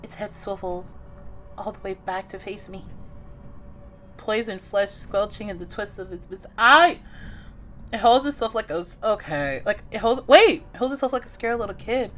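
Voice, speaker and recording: A young woman live-streaming a horror game, reading its text aloud and reacting with excitable shouts and laughs. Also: mid-range voice, normal speed, a little hiss or hum.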